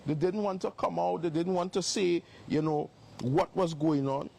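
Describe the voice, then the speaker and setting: Emphatic high-voiced man. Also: normal speed, creaky, a little mellow, a little hiss or hum. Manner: emphatic, repetitive, accusing. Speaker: live-stream host. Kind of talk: livestream exposé. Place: outdoors by a property.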